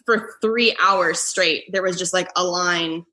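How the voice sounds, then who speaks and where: Chatty young woman with a bright voice. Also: on the low side, steady tone, takes it slowly. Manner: chatty, lots of "like" fillers. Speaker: comedian and foosball player guest. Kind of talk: casual podcast chat.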